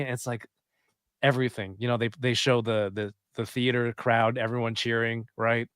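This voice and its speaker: A man co-hosting a casual podcast chat. He talks haltingly, restarting his sentences and laughing easily. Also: medium pitch, flat delivery, a bit bright, smooth, no room sound, clean studio sound. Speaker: podcast co-host.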